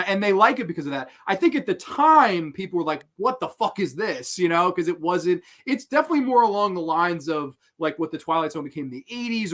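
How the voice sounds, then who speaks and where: An enthusiastic man with a fairly high voice that swoops widely in pitch. He speaks as a guest in relaxed, emphatic conversation. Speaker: guest co-host. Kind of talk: casual chat.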